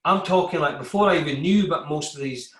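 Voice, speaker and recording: A man's voice: fairly high pitch, fast, a crowd in the background. A man, an army veteran, telling his story in a candid podcast conversation, acting out exchanges with coworkers. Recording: echoey room.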